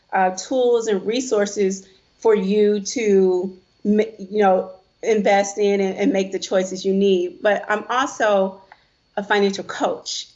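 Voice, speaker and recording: Slow-talking earnest woman, lo-fi sound. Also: medium pitch. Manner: heartfelt, earnest storytelling with quoted voices. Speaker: financial advisor and coach. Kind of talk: interview guest telling personal story. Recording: dull lo-fi sound.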